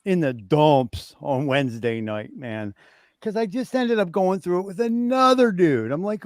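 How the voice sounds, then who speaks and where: Rallying the listeners as a livestream guest, a man in his fifties talks candidly, emphatic and profane. He has a high, expressive voice and an unhurried delivery. The recording is dry and studio quality.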